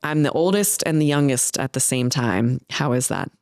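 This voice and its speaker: A woman's voice: a bass voice, normal speed, no room sound, clean studio sound. A woman guest in an interview, speaking candidly and telling personal stories with feeling. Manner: candid, tearful at times, animated storytelling. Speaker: guest, health company founder. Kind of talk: emotional interview conversation.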